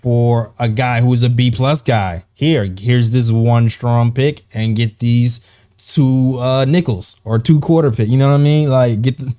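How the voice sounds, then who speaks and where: Male sports-show host, mid-pitched, casual and rambling. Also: fairly even intonation, warm tone. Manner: loose, rambling, quick to laugh. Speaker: podcast host. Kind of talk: casual basketball chat.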